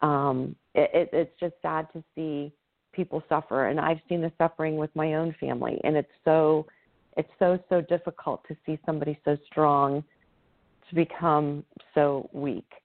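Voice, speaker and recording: A woman hosts a faith conversation and responds with consolation, often repeating her words as she begins. Her voice is very low, and the sound is thin and phone-like. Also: steady tone, moderate pace, creaky. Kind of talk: casual faith chat. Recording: tinny phone line.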